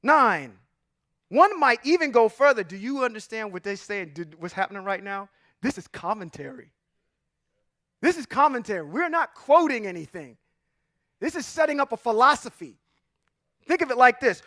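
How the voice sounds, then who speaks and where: A man's voice: very high-pitched, big pitch swings, moderate pace, long pauses, no echo, studio quality. A man teaching scripture to a congregation in an emphatic, preacherly way, reading verses and breaking them apart. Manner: emphatic, preacherly, swings between loud and quiet asides. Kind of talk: sermon-style bible teaching.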